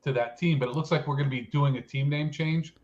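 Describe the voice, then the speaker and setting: A man's voice: a little high, fairly even intonation, quick pace, a little mellow, dull audio. A man co-hosting a casual chat show, telling stories in a chatty, self-mocking way. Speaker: co-host.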